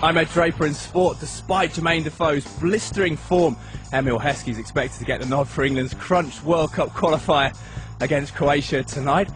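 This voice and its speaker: A British man delivering a sports bulletin, slightly out of breath, his voice a touch raised. Clear music plays under him. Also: on the high side, moderate pace. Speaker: sports reporter.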